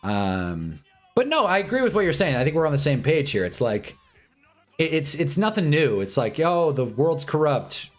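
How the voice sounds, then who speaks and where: Rambling young livestream host. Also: male voice, on the high side, wildly swooping pitch. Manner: rambling, candid, swears and repeats himself; puts on quick voices for quoted people. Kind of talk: casual chat during a sports watch-along.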